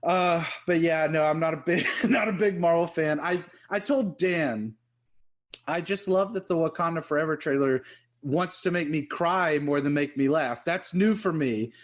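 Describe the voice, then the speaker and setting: A man's voice: on the high side, normal speed. A man, a writer co-hosting a podcast, rambling in casual chat and giggling as he corrects himself.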